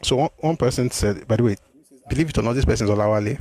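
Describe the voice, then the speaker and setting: A man hosting a live stream, answering viewer comments in an animated, exclamatory way, often repeating himself. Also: medium pitch, rapid-fire. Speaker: host.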